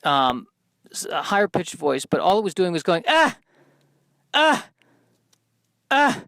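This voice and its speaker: A man's voice: a little high, moderate pace, gravelly, a bit bright, dry recording. A man hosting a solo podcast, rambling in a stream-of-consciousness monologue with self-deprecating humor. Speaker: podcast host.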